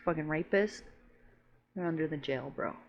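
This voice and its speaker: A woman's voice: sits low, moderate pace, lo-fi sound. A woman co-hosting a podcast in casual chat, blunt and sweary, often saying bro. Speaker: podcast co-host.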